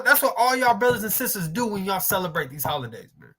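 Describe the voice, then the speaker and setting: A man in a casual religious discussion, talking in an animated, emphatic way and repeating words for effect. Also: sits high, quick pace.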